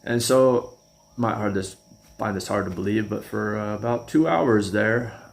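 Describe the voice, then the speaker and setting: A man's voice: fairly low pitch, a little slow, vocal fry. A man casually telling a personal story, rambling and chuckling as he goes. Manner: rambling, chuckling, restarts often.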